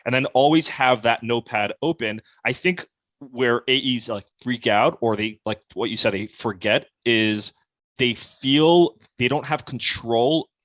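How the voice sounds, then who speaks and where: A man's voice: medium pitch, a little slow, no echo. Young guy on a podcast, chatty, says "like" a lot, dry sound. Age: young adult. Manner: casual, animated, heavy use of "like". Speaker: podcast guest, sales coach. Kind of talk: conversational podcast interview.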